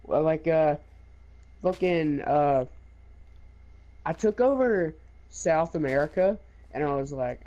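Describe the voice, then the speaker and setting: High-voiced swearing young man. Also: expressive, slow, pauses often, mellow, muffled recording. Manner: profane, boastful, rambling with many fillers; laughs while telling the story. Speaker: gaming video creator. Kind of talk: casual storytelling chat.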